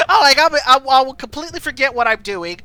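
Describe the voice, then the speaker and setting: A woman's voice: high-pitched, animated, moderate pace, bright, forceful tone, dry recording. A young woman streaming a story game live, chatty and laughing often as she talks to her viewers.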